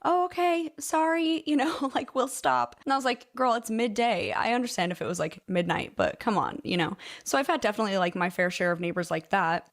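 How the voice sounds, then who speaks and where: A young woman hosting a casual vlog, telling stories in a chatty, swearing, animated way into a studio mic. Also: medium pitch. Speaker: YouTube commentary host.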